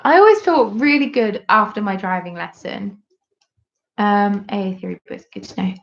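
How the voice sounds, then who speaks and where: A woman's voice: mid-range voice, normal speed, lo-fi sound. Chatty British woman on a live stream. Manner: chatty and self-deprecating, reacting to viewer comments. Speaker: host of a live craft stream. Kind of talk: casual live-stream chat.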